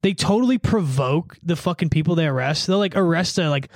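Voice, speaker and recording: A man's voice: on the high side, a little fast, no room sound, studio quality. A young man co-hosting a podcast in casual chat, laughing often and slipping into mocking cop voices. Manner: laughing, mimics cop voices mid-story. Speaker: podcast co-host.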